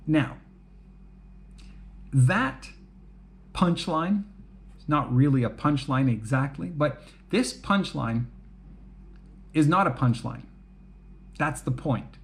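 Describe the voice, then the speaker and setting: A man explaining things to English learners at a slow, easy pace. His voice sits a bit high for a man. He keeps it relaxed and chatty, checking in with "right?" and laughing at his own jokes. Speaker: English teacher.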